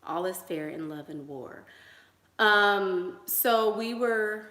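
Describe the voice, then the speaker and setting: A woman's voice: mid-range voice, slow pace, sharp tone. Chatty woman on an echoey livestream. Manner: chatty, emphatic, laughs between thoughts. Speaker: relationship coach. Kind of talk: casual livestream chat. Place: room at home, doing her makeup. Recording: echoey room.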